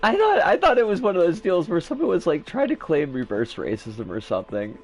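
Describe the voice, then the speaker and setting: A man's voice: on the high side, very animated, fairly quick, a little mellow, soft background music. A man chatting casually during a live game stream, loose and profane, often restarting his sentences.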